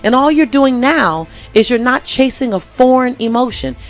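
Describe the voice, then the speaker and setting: A woman's voice: high-pitched, animated, moderate pace. A woman chatting as an interview guest, earnest and fond of repeating her key phrases. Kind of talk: casual conversation.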